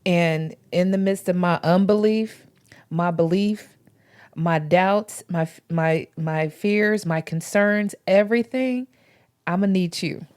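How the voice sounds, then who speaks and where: A woman's voice: fairly low pitch, takes it slowly, a little mellow, clear, resonant tone. A woman talking earnestly about faith in a casual podcast chat, with informal slang. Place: podcast recording.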